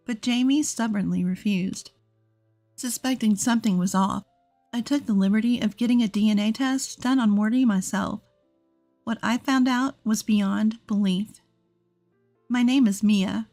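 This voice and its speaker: Woman narrating a story over music. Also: mid-range voice. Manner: earnest, steady storytelling. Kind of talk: scripted first-person story narration. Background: faint music.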